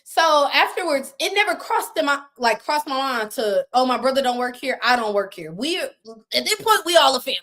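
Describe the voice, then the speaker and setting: High-voiced woman guest on a live call, chatty storytelling, slangy, acts out the quotes. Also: big pitch swings, brisk, bright, forceful tone. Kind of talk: casual storytelling interview. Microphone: phone on a live video call.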